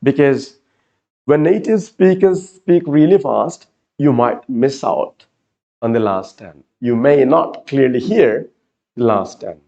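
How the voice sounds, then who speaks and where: A man's voice: medium pitch, animated, slow pace, gravelly, dark tone, highs cut off. A man teaching an exam-prep class, repeating key words and explaining step by step. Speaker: IELTS teacher. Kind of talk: classroom lecture.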